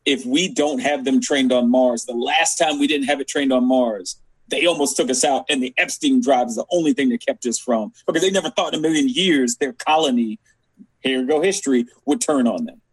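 A man's voice: medium pitch, fairly quick, breathy edge, no echo. A man co-hosting a casual TV recap chat, explaining plot details. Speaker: podcast co-host.

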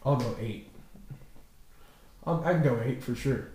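A man's voice: medium pitch, measured pace. A young man co-hosting a podcast, telling crude stories in casual chat and laughing often. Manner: rowdy storyteller, laughs often, bursts loud when laughing. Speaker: podcast co-host. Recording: echoey room with crowd noise.

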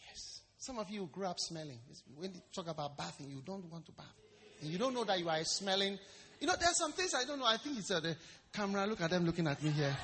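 A man preaching a sermon in a lively, storytelling way, acting out quotes and jokes. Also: high-pitched, slight background noise. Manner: animated, storytelling with acted quotes and stammering imitations. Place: church service hall. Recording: long reverb of a large hall.

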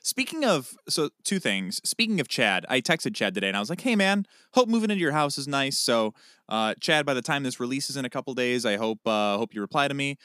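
A man's voice: mid-range voice, animated, a little fast, pushed and bright, clean tone, dry recording, studio quality. A young man co-hosting a podcast in casual chat, playful and teasing, often restarting his sentences. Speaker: podcast co-host.

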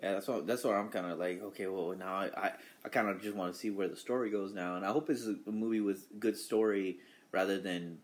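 A man with a lowish voice chats casually about films. He is relaxed and loose, drops curse words without effort, and often leaves a thought half-finished before starting the next. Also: quick pace. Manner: laid-back, swears freely, trails off mid-sentence. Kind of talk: casual chat about movies.

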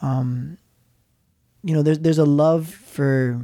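A man's voice: on the high side, steady tone, takes it slowly, warm tone. A man in casual faith talk, rambling and repeating words as he tells stories.

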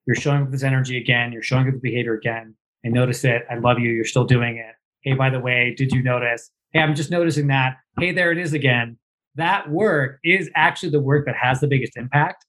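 A man who is a coach talking casually, animated and acting out example lines as he explains. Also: medium pitch, fairly quick. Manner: animated, acts out example lines in lively voices. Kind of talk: conversational talk about coaching.

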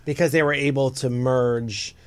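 A man hosting a podcast in casual chat, talking in an animated, playful way. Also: medium pitch, normal speed. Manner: chatty, animated, playful storytelling. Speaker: podcast host.

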